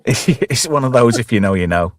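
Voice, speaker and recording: A man hosts a loose, joking chat show, rambling through stories with lots of restarts. His pitch swings widely as he talks, and the sound is close and dry, with no room around it. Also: animated, normal speed, no room sound. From lived in Alberta, Canada. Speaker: host. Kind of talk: casual livestream banter.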